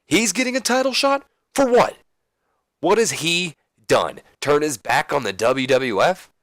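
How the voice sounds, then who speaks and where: An angry veteran wrestler ranting with an indignant edge, as a man puts him on. The voice leaps up in pitch and gets loud on the outbursts. The recording is dry and close. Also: expressive, unhurried, no room sound. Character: angry veteran male wrestler demanding his title shot.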